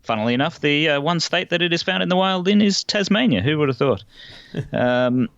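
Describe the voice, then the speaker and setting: An Australian man reads out trivia questions in a smooth, resonant voice that sits dry and close to the mic. The recording is a little dull and lo-fi. He laughs easily and stumbles through plenty of fillers. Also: on the high side, lively intonation, a little fast, fairly bright tone, no echo. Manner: hesitant, laughing, full of fillers. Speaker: guest quizmaster. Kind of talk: casual podcast quiz hosting.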